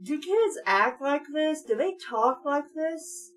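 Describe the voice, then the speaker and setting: A woman's voice: high voice, animated, slow, a bit bright. A young woman reading a children's horror book aloud and interrupting it with sarcastic, mocking asides. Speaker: book reader and commentator. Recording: distant mic with faint hum.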